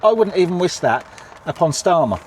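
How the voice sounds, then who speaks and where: A man's voice: high-pitched, big pitch swings, moderate pace, darkish tone. A man giving a heated, sweary political rant for his vlog while sitting in his car in traffic. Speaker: vlogger.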